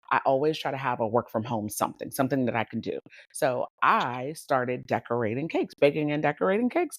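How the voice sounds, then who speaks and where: A woman speaks in a low, rich voice on a casual podcast, recorded close and dry with almost no room sound. She tells her stories with animated energy, breaking into laughter and talking straight to her listeners. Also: no room sound. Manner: lively, animated, laughs often, addresses listeners as y'all. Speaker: podcast host and coach. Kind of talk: casual storytelling monologue.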